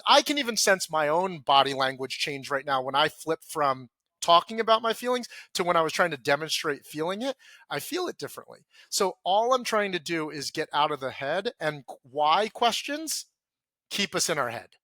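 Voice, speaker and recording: A man appears as a guest on a podcast, talking earnestly and acting out his own self-talk, going soft and low whenever he voices the feelings he's quoting. His intonation is lively, his pace moderate, and there's no echo.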